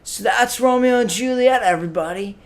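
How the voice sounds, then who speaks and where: A very high-pitched, brisk man's voice plays a laid-back, spaced-out young stoner who hosts a comic web show. In this comedy sketch monologue he drawls with many fillers and keeps tagging phrases with "man."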